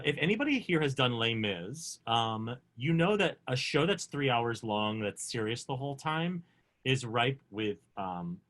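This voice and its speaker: A man co-hosting a casual video chat, telling backstage stories with lively acted-out quotes. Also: mid-range voice. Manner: lively, acts out quotes in funny voices. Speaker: co-host. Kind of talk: animated storytelling.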